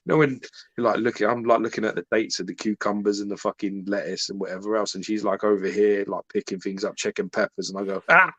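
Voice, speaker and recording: A British man with a low voice tells a rambling, sweary story, padding it with "like" and "you know". He sounds close to the mic, and the sound is dry. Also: fairly even intonation, fast, no echo, dull audio. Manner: rambling storyteller, heavy use of fillers, swears. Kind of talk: casual chat.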